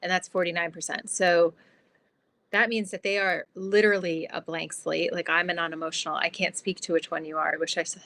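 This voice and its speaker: A woman guest on an interview podcast, explaining her ideas in a lively, chatty way with lots of "like". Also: fairly low pitch, fairly quick. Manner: animated, explanatory, fillers like "like". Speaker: guest, transformation guide.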